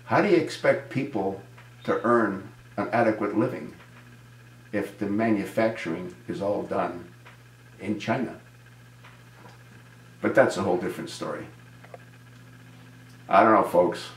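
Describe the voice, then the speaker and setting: A man's voice: fairly low pitch, measured pace, pauses often, echoey room, rough recording. A man giving an indignant political commentary monologue, answering a viewer and asking rhetorical questions. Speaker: video commentator.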